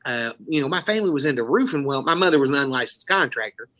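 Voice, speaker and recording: Rambling man, animated storyteller. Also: medium pitch, quick pace, poor audio. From Florida, US. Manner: rambling, profane, laughing storyteller. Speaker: podcast host. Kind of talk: casual storytelling chat.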